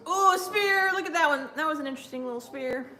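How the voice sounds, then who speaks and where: A woman's voice: sits high, very fast, bright, forceful tone. Young woman doing a chatty watch-along stream, laughs a lot, reads chat out, kinda roomy echo. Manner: chatty, giggly, reads viewer chat aloud. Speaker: live stream host. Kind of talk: casual watch-along commentary.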